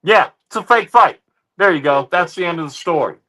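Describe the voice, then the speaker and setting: A man hosting a livestream, ranting heatedly at his chat with constant swearing and repeated "ladies and gentlemen.". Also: sits high, expressive, brisk. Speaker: livestream host reacting to chat. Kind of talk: profane livestream rant.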